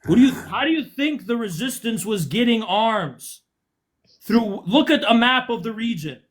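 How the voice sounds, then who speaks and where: A man's voice: very high voice, expressive, normal speed. A man from the United States hosting a livestream, arguing with callers in a combative, mocking way. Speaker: livestream host. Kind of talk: heated livestream argument.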